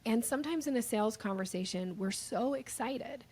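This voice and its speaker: A woman sales trainer talking as a podcast guest, explaining her ideas in a conversational, animated way and acting out little examples. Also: on the high side, moderate pace, husky. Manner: animated, acts out examples in lively voices.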